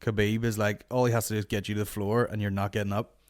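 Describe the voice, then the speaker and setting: Sweary low-voiced Northern Irish man. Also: flat delivery, fast. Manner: sweary, rambling banter. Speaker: podcast host. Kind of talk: casual chat.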